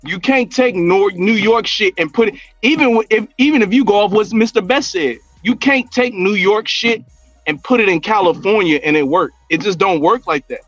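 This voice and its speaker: A man's voice: sits high, moderate pace, fairly bright tone, no echo, highs cut off, soft background music. A man chatting on a podcast in a blunt, profane way, repeating himself to press a point. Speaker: podcast co-host. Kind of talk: casual chat.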